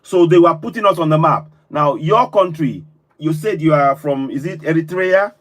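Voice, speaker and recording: A man's voice: a little high, normal speed. A man hosting a live call-in stream, effusive and full of repeated thanks. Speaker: host.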